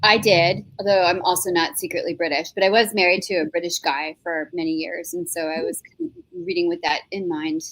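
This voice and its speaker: Female host, New York accent, lower voice, chatty and playful. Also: brisk. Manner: chatty, joking, expressive. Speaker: interviewer and show host. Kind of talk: casual conversational interview.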